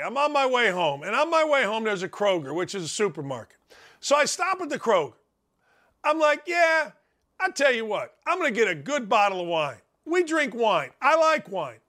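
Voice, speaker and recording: A middle-aged American man hosting a sports talk show, giving blunt, folksy relationship advice in a rambling monologue. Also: very high voice. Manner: blunt, folksy, rambling, swings between loud and muttered asides. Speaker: sports radio host.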